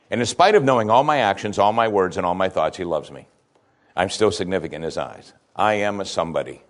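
A man pastor preaching a sermon, reading verses slowly with emphasis and asking rhetorical questions. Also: fairly low pitch.

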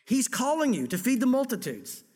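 Male pastor, high voice, lively storyteller, sermon recorded in a church hall with long reverb. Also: moderate pace, slightly rough. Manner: lively storytelling, dramatizing scripture dialogue.

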